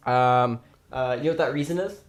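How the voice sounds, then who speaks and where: A man's voice: mid-range voice, moderate pace. A young man co-hosting a casual amateur podcast, rambling and laughing as he tells stories. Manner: rambling, laughing, loose storytelling. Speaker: podcast co-host. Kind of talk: casual chat.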